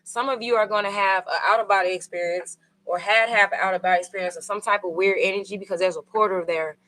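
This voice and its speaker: A woman's voice: medium pitch, fairly even intonation, fast talker, a bit bright, rough recording. A woman with giving a casual, rambling tarot reading, full of fillers and asides to her viewers. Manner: rambling, conversational, with many fillers. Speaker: tarot reader.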